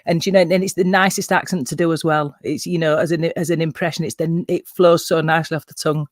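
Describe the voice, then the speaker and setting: A man's voice: a little high, fairly even intonation, fast talker, no room sound, studio quality. A man with a Yorkshire accent, chatting casually as a guest on a livestream panel, sweary and self-mocking with frequent laughter. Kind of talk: casual chat.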